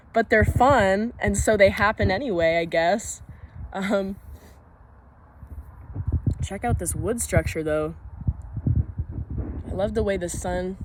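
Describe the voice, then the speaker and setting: A woman's voice: lowish voice, slight background noise, rough recording. Rambling woman musing on a woodland walk. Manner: meandering, laughs often, swears casually. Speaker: vlogger. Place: outdoors on a walk in the woods.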